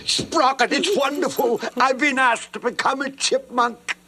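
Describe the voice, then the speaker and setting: An actor playing an excitable middle-aged man who chatters on to his dog in a puppet TV series. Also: very high voice, a little slow, music in the background. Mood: delighted. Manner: excitable, exclaiming and talking to himself. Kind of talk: 1980s puppet TV acting.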